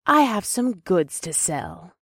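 A man voicing a bold, sharp-tongued, red-skinned half-demon woman in an audiobook, commanding and sarcastic. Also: high-pitched, huge pitch swings, slow, breathy edge, dry recording, clean studio sound, voice pushed up, heavily acted. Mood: dismissive. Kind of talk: audiobook narration.

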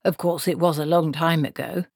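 Woman reads an old male wizard, weary and grumbling; low, dry storybook voice. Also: fairly even intonation, normal speed, darkish tone, slightly rough, no echo.

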